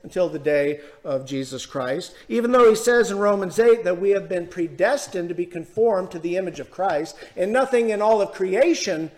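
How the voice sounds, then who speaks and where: A man preaching a sermon earnestly, slowing down to stress key words. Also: sits high, lively intonation, a little mellow. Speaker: pastor.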